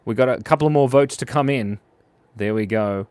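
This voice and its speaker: A man's voice: mid-range voice, moderate pace, darkish tone, clear, resonant tone, no room sound. A man hosting a live drawing stream, chatting playfully and reading out viewer comments as he draws. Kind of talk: casual live-stream chat while drawing.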